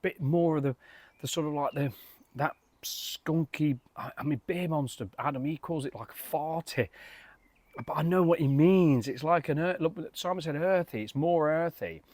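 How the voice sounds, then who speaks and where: A man's voice: fairly high pitch, moderate pace, darkish tone, dry recording. A man, casually reviewing beer in a rambling way, full of fillers and restarts.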